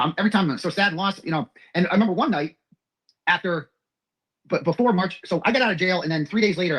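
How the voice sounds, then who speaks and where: A man telling a personal story at a rapid clip, rambling, profane and emotional. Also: a little high, a bit bright, slightly rough, poor audio.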